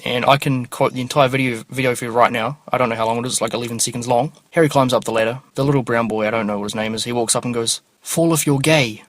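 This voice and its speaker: A man's voice: mid-range voice, steady tone, very fast, hardly any pauses, fairly bright tone, dry recording. A man hosting a casual solo podcast, rambling offhandedly and swearing freely. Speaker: podcast host.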